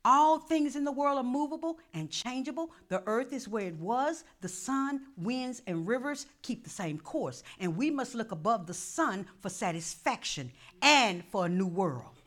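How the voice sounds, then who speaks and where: A middle-aged woman pastor preaching a sermon in call-and-response style, often breaking into shouts. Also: fairly high pitch, animated, moderate pace, hardly any pauses, poor audio.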